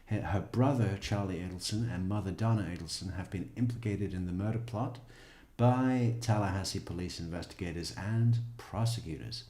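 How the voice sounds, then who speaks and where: Deep-voiced wry true crime commentator. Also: male voice, moderate pace, few pauses, mellow, roomy sound. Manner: wry sarcastic asides. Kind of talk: reading news aloud with commentary.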